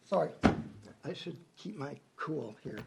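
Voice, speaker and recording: A man's voice: a little high, lively intonation, measured pace, creaky, heavy background noise. A man speaking as mayor at a city council meeting, upset and defensive, repeating himself as he argues his case. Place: council chamber.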